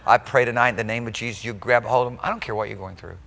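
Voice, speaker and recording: A male pastor delivering a live church sermon in a mid-range voice, neither high nor low. He punches some phrases out loudly and drops to near-hushed asides on others. He keeps tossing quick rhetorical check-ins to the room. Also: steady tone, vocal fry, long reverb tail. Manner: emphatic preaching, swinging between loud exclamations and soft intimate asides. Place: church sanctuary during a live service.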